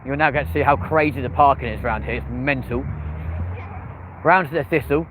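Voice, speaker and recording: A man, giving excitable live commentary outdoors by an airport and chatting with viewers by name. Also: mid-range voice, brisk, low-quality recording. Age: early 30s. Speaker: live-stream plane-spotting host. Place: outdoors near a busy airport and street. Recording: outdoor stream with loud traffic and urban noise.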